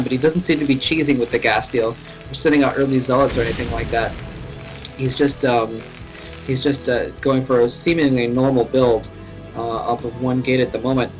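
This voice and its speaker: A man casually commentating a live match from his home computer, chatty and laughing often, his voice rising sharply at exciting moments. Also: medium pitch, poor audio. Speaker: esports caster. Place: home room.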